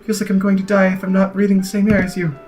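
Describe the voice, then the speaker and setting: A man reading the lines of a soft-spoken, obsessive, lovesick young woman from a game, in a hushed, intense voice. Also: high voice, monotone, quick pace, faint music behind, natural voice. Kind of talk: reading game dialogue aloud.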